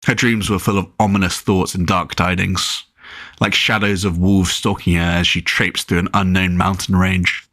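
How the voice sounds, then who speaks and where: A man narrating a chapter of his own novel as an audiobook, relaxed and with occasional slips. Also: low voice, normal speed, no room sound, clean studio sound.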